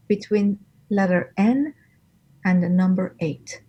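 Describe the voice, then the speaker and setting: A woman instructor giving live design critique, with encouraging, gently directive feedback. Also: medium pitch, steady tone, takes it slowly.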